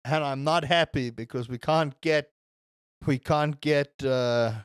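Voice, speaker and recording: A man's voice: mid-range voice, fairly even intonation, slow, long pauses, smooth, no room sound, clean studio sound. A young man on a casual gaming livestream. He rambles, swears, answers chat and reacts to the game.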